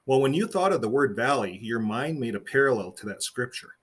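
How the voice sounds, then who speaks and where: A man's voice: medium pitch, expressive, fairly quick, breathy edge. A man reading the lines of a kindly, amused male angel guide in a storybook reading. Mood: explaining. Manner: laughing, reassuring.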